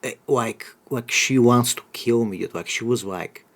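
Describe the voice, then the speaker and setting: A man's voice: medium pitch, a little slow. A man chats on a podcast in a loose, rambling way. He swears freely and breaks into laughter often. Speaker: podcast host. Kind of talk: casual podcast chat.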